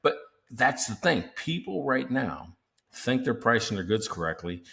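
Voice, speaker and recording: A man's voice: mid-range voice, sing-song, measured pace, gravelly, fairly bright tone. A man co-hosting a business podcast, talking emphatically and walking through pricing examples like a seminar teacher. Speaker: podcast co-host. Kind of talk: casual podcast chat.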